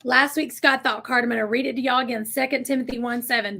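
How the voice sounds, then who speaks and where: A middle-aged woman hosting a motivational team video, energetic and preachy. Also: a little high, fast talker, gravelly, few pauses. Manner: energetic, preachy, calls out y'all. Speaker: sales director hosting a weekly team video. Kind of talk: motivational pep talk.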